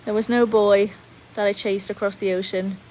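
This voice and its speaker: A woman's voice: mid-range voice, fairly even intonation, moderate pace, a little mellow, a little hiss or hum, poor audio. Chatty British woman on a home livestream. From Britain. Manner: chatty, reads out viewer comments, talks to her dogs. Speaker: livestream host. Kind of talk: casual livestream chat. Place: home with her dogs.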